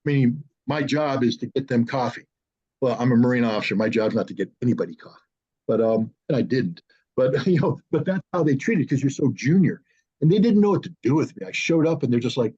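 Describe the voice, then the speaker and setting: A man in his sixties, an interview guest, telling animated stories with frequent restarts and acting out what others said. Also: medium pitch, a little fast, breathy edge. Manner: animated storyteller who acts out others' lines, with frequent restarts. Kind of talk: casual anecdotal storytelling. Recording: dull lo-fi audio.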